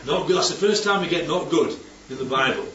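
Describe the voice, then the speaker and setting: Man, Bible study leader, animated, keeps checking for agreement; distant, echoey, muffled recording. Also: on the high side, a little fast, slight background noise. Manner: animated, asks for agreement often. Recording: roomy, distant, dull recording with faint background ambience.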